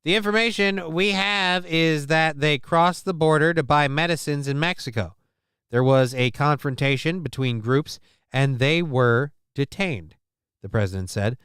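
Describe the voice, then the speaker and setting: A man's voice: a little high, a little slow, fairly bright tone, smooth, no echo, studio quality. A man hosting a live stream, reading news and chat comments aloud with crude jokes. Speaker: show host.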